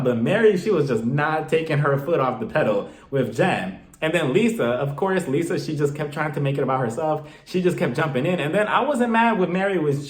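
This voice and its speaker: A man giving an animated, gossipy casual video review, recapping with frequent laughs. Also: a little high. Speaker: TV show reviewer. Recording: roomy echo.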